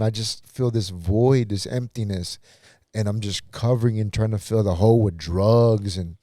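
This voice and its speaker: Guy with a real low mellow voice telling his story on a podcast, dry close sound. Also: no echo. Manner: earnest storytelling, acts out past dialogue. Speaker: podcast guest, pastor. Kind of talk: personal testimony in casual talk.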